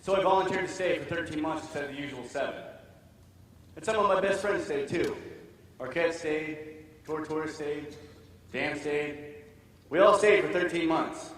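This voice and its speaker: A man, a military veteran, telling his own story on stage in an animated way, acting out the dialogue. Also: on the high side, normal speed, pauses often. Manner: animated, acts out quoted dialogue. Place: stage in a large hall. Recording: echoey hall, voice from far off.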